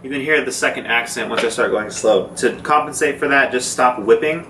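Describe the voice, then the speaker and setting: A man's voice: medium pitch, a little fast. A man teaching drum rudiments in a casual, informal way, talking through exercises with fillers as he demonstrates. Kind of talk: casual instructional talk. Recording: echoey room, mic far off, noisy.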